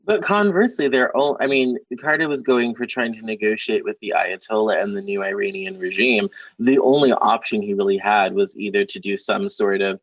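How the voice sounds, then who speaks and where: A man hosting a podcast, reasoning through history in a measured way and prompting his guest. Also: on the low side, no room sound. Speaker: podcast host. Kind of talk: casual political conversation. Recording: dull dry sound.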